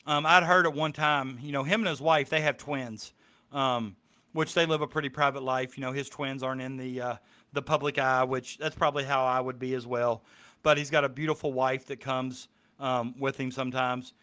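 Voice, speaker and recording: A man's voice: mid-range voice, steady tone, moderate pace, bright, forceful tone. A man chatting casually on a streamed podcast, rambling with many ums. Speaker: podcast co-host. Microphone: streaming mic.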